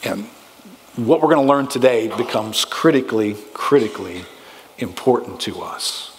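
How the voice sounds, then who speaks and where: A man's voice: fairly low pitch, normal speed. A male pastor preaching a sermon with emphatic, rising delivery, often asking the congregation questions. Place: church sanctuary. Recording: long hall reverb.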